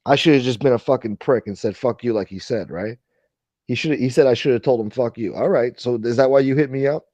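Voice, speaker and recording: A man's voice: mid-range voice, fairly quick, mellow, no room sound, muffled recording. A man hosting a casual late-night livestream chat, rambling and swearing as he reads and answers viewer comments. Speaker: livestream host.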